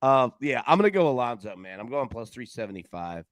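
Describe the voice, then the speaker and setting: Animated man hosting a betting show. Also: medium pitch, brisk, dry recording. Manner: animated, loose and slangy, lots of "man" and "dude". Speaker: sports betting show host. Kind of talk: casual betting show chat.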